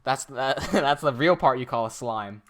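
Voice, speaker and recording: A young man chats casually on a livestream and reads comments aloud. He laughs often and swears freely. His pitch sits at an ordinary middle for a man. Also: moderate pace, a bit bright. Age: young adult. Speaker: livestreaming animator.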